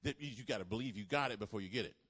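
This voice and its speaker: A man's voice: fairly low pitch, very fast, fairly bright tone, breathy edge. A man preaching a sermon, repeating key lines for emphasis and calling on the congregation to answer back. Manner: call-and-response preaching with emphatic repetition. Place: church service.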